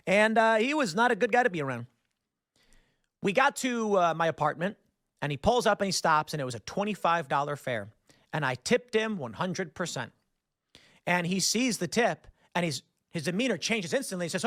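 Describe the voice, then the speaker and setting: A man hosting a podcast, telling a personal anecdote in a casual, animated way with frequent fillers. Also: high-pitched, fairly quick, no room sound, studio quality. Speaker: podcast host. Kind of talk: casual storytelling.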